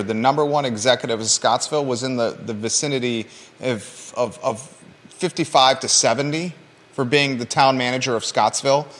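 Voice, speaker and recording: A man's voice: medium pitch, fairly bright tone, long reverb tail. A man hosting a local talk show, reading news items and then bantering playfully with his co-host with lots of teasing questions.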